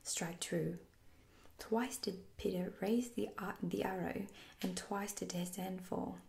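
A woman whispering a fairy tale aloud as a soft-spoken ASMR storyteller. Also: mid-range voice, steady tone, a little slow, gravelly, slight background noise. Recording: roomy echo.

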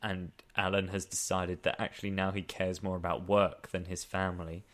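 Sarcastic man, lowish voice. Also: little pitch movement, moderate pace. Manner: sarcastic, exasperated, swearing. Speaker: podcast co-host. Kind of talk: casual comedic film review chat.

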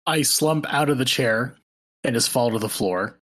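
A man playing a tabletop game narrates his character's moves and reacts excitably to the rolls. His voice sits at an ordinary pitch. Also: normal speed. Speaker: player. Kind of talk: casual tabletop play.

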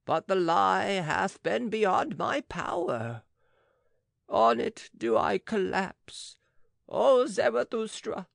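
A man's voice: high-pitched, creaky, no echo, studio quality, pitched above the performer's own voice, exaggerated voice. A man voicing a weary, self-pitying old male magician in an audiobook, with a quavering, theatrical lament. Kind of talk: audiobook dramatic reading.

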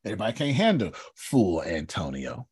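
A bishop teaches on a video call in a low, husky voice that swings widely in pitch. He is emphatic, repeats his points and calls on listeners by name. The sound is close and dry. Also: big pitch swings, fairly quick, a little mellow, no room sound. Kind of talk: animated teaching talk.

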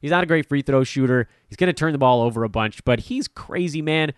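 A man hosting a fantasy basketball podcast, talking casually in an animated, rambling, blunt and jokey way. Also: mid-range voice, fairly quick, clear, resonant tone, no echo, studio quality. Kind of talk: casual podcast talk with sponsor promo.

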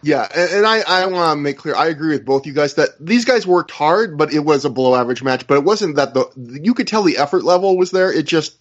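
A man's voice: fairly high pitch, expressive, fairly quick, few pauses. A man hosting a podcast, chatting casually with many hedges and fillers. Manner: hedging, filler-heavy. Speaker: podcast host. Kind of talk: casual chat reviewing wrestling. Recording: dull lo-fi audio.

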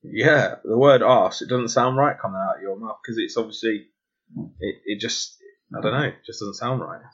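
A man's voice: fairly low pitch, moderate pace, fairly bright tone, slightly rough. A man with a London accent in casual chat, hesitant and full of restarts. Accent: London English. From England. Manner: chatty, hesitant, many restarts. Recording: dull lo-fi audio.

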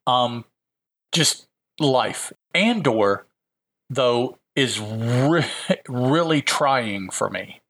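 A man's voice: mid-range voice, animated, drawn-out words, fairly bright tone. A man chatting casually as a podcast cohost, speaking frankly with hesitant, stammering starts. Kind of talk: casual conversation.

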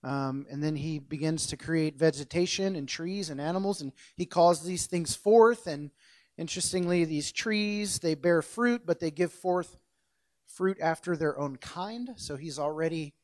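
A man from the central United States delivers a loose, conversational sermon, joking about his own slips and correcting himself along the way. His voice is fairly high and a little mellow, and his pace is measured.

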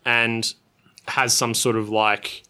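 A man on a casual podcast, quick, joking and argumentative as a contestant. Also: medium pitch, flat delivery, bright, forceful tone, smooth.

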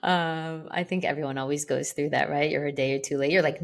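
A woman's voice: low-pitched, fairly even intonation, brisk. A woman co-hosting a podcast in casual chat, rambling along with lots of "like" and "you know.". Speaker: podcast co-host.

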